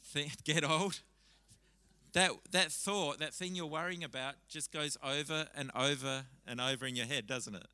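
A man delivers a sermon to a church congregation in a bright, forceful voice. He speaks conversationally and tells stories with animated restarts. The sound is dry and close. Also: on the high side, moderate pace, smooth, no echo, poor audio. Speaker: pastor. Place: church service.

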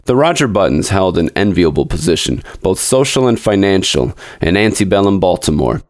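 Deep-voiced man narrating a classic tale. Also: sing-song, normal speed, no room sound, clean studio sound. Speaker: podcast storyteller. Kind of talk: scripted narration of a classic story.

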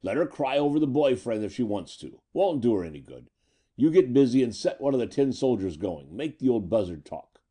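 A man voicing a brutal male gangster boss who snarls rough tough-guy slang. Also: medium pitch, sing-song, brisk, warm tone. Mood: snarling menace.

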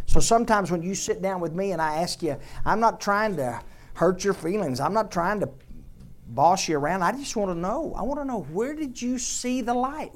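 Emphatic woman preaching a sermon. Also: mid-range voice. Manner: emphatic, repeats phrases, addresses the congregation directly.

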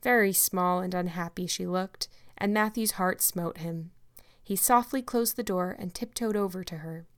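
A woman narrating a classic novel as an audiobook in a measured, steady way. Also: lowish voice. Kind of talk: scripted narration.

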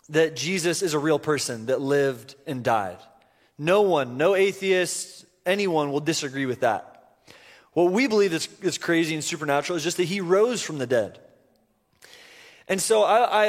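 A man preaching a sermon, telling a personal story earnestly with halting restarts. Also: on the high side. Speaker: pastor. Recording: reverberant church hall.

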